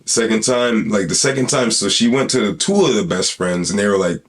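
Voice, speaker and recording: A man's voice: fairly low pitch, brisk, few pauses. A man hosting a podcast in casual, rambling talk, full of slang and swearing. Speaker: podcast host.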